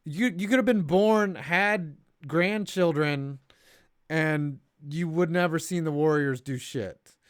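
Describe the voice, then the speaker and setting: A man with a smoothish, higher voice speaks slowly while co-hosting a sports livestream, reading donations in casual chat. He's animated and jokey, swears often and puts on voices for the messages; the audio is clean studio sound with no room.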